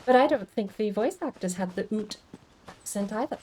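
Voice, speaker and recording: A woman's voice: mid-range voice, lively intonation, moderate pace, a little mellow, slight background noise. A woman streamer in casual chat, musing aloud and answering chat comments as she goes. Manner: chatty and musing, with many restarts.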